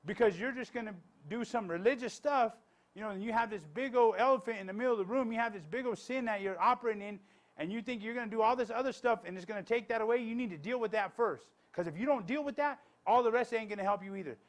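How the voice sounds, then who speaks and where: A man's voice: high-pitched, fast. A man, a pastor, giving a blunt, conversational sermon with many restarts and asides.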